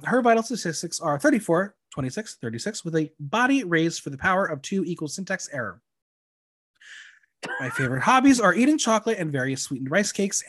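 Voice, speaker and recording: A man co-hosting a casual recap podcast, animated and chatty, often mimicking voices as he reads quotes. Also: on the high side, no echo. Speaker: podcast co-host.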